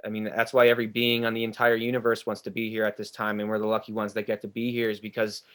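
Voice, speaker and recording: A man's voice: fairly low pitch, completely flat delivery, fast talker, fairly bright tone, clear, resonant tone. A man hosting a spiritual group ceremony over a video call. He speaks earnestly and reflectively and reads participants' comments aloud. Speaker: ceremony host.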